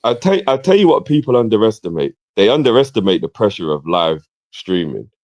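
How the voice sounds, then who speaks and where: A man's voice: on the low side, brisk, dry recording. A man co-hosting a casual football live stream, telling stories with slang. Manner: relaxed storytelling banter with slang.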